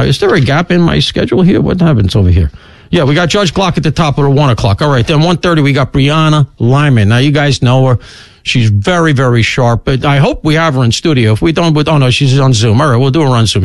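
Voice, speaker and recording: A middle-aged male talk radio host in full monologue, his fairly high voice leaping up and down as he fires off asides. The studio sound is dry and close. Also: no echo. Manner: animated, swooping pitch, rapid asides.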